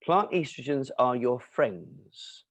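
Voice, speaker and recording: Man, animated explainer, emphatic asides, everyday male pitch, dry close recording. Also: takes it slowly, no room sound. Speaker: nutrition and cancer speaker answering questions. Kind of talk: explanatory Q&A talk.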